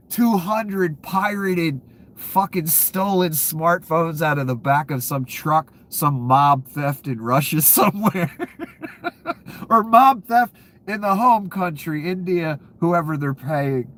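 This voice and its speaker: A man's voice: fairly high pitch, takes it slowly, a bit bright. A man giving casual, profane political commentary, ranting and sarcastic, laughing at his own jokes.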